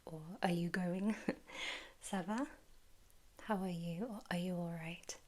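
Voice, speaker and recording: Slow whispering English woman tutor. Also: on the low side, fairly even intonation. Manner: slow, gentle whispered teaching with soft prompts to repeat. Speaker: ASMR language tutor. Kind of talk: whispered role-play.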